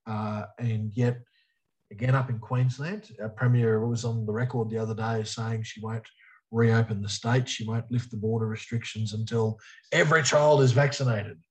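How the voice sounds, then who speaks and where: An Australian politician responds to interview questions emphatically, hammering short punchy phrases. His medium-pitched voice stays fairly even at normal speed, captured in a low-quality recording.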